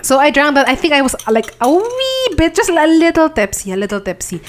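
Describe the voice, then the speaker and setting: Filipino woman, bouncy sing-song voice, chatty podcast cohost. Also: high-pitched. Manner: lively and chatty, quick to laugh. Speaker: podcast co-host. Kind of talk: casual chat.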